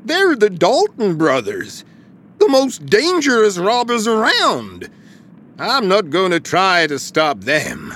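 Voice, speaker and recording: A woman's voice: medium pitch, wildly swooping pitch, slow pace, fairly bright tone, a little hiss or hum, exaggerated voice. A woman reading a storybook aloud and voicing a timid old-west sheriff. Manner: timid, hesitant. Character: reluctant small-town sheriff, grown man.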